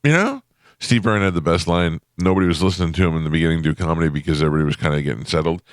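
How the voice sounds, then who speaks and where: A man's voice: rapid-fire, clear, resonant tone, dry recording. A man hosting a morning radio show, telling a funny travel story in casual chat from the studio. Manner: lively, jumps into high-pitched imitations. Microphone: studio microphone.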